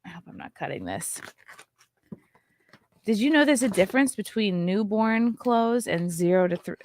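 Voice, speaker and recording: A woman's voice: medium pitch, very animated, normal speed, darkish tone, slight background noise. A woman in her thirties hosting a casual livestream, gushing and chatty with lots of fillers. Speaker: livestream host.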